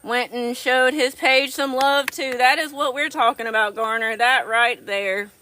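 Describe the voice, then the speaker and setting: A woman's voice: fairly high pitch, sharp tone, dry recording. A woman hosting a casual livestream, affectionately greeting viewers as darling. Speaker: livestream host.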